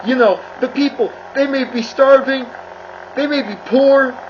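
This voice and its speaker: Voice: high voice, measured pace. A person delivering an angry, profane rant, swearing constantly and repeating themselves as they build up steam. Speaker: commentator. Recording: dull lo-fi with clear noise.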